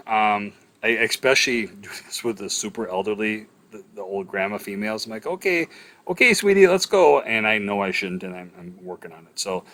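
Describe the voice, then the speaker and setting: A middle-aged man with a somewhat low voice lectures on EMS communication. He talks casually and drops in plenty of ums and uhs. He tells stories from his work on the ambulance. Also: a bit bright. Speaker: EMS instructor.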